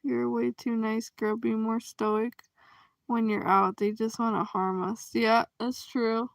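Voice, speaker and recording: A woman hosting a casual livestream chat, reacting to comments, expressive and quick to laugh. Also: on the high side, vocal fry, dry recording.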